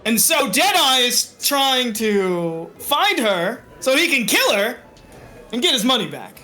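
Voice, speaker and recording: A man narrating a tabletop game as game master, playful and animated. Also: extremely high pitch, a little slow.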